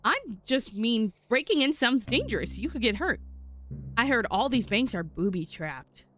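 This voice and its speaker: A woman's voice: on the high side, sing-song, normal speed, fairly bright tone, a little hiss or hum. A woman voicing an earnest, reasonable frog detective in a game, close to her own voice. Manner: earnest, reasonable, mildly flustered. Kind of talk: voice acting a game character.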